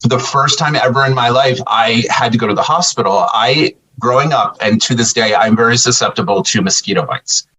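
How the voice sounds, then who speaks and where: Husky-voiced man telling a story. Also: medium pitch, brisk, hardly any pauses, far from the mic, rough recording. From US Northeast. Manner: animated, acts out quoted dialogue. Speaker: podcast guest, fan. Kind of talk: casual storytelling chat.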